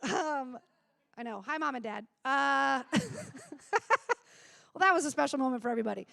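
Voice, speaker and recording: A woman's voice: high-pitched, expressive, unhurried, gravelly, bright, forceful tone, no echo, clean studio sound. A woman emceeing a live comedy show on stage, joking and laughing as she talks into a handheld microphone. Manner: joking, laughing between lines. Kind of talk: live stand-up banter.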